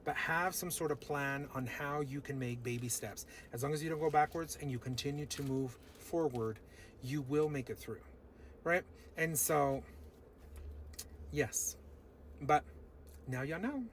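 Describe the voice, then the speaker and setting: A man's voice: on the high side, unhurried, slight background noise. A man tells a personal story to his viewers in a casual, earnest and encouraging way. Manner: earnest, upbeat, encouraging, talks straight to viewers. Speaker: vlogger.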